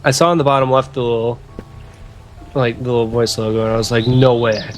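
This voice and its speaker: A man's voice: medium pitch, steady tone, fast talker, soft background music. A young man giving casual, joking let's-play commentary while he plays a game. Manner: casual, joking, hesitant fillers. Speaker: gaming streamer.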